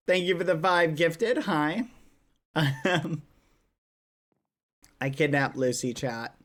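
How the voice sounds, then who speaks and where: A man's voice: a little high, slow pace, pauses often, fairly bright tone. A man streaming casually, chatting to viewers while coaxing his dog. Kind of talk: casual livestream chat.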